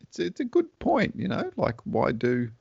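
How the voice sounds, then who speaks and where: A man's voice: medium pitch, wildly swooping pitch, normal speed, gravelly, a little mellow, husky, dry recording. A man with an Australian accent, co-hosting a podcast in casual chat, thinking aloud with lots of laughs and restarts. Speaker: podcast co-host. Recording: dull lo-fi sound.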